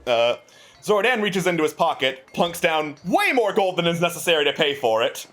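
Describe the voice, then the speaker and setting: A man's voice: fairly high pitch, very animated, moderate pace, fairly bright tone. A man narrating a tabletop game as game master, chatty and full of fillers.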